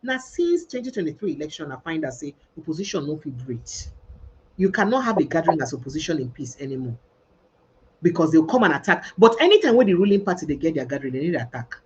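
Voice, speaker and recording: Lively Nigerian woman podcast host. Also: low-pitched, fast talker, highs cut off, a little hiss or hum. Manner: mixes Pidgin and English, animated and emphatic. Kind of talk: casual livestream discussion.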